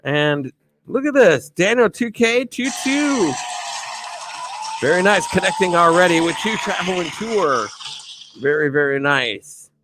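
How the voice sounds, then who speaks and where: A slightly tipsy man hosts a casual live stream in a fairly high voice, rambling upbeat shout-outs to his viewers. Music plays faintly in the background. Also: expressive, a little slow. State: a bit tipsy. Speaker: livestream host.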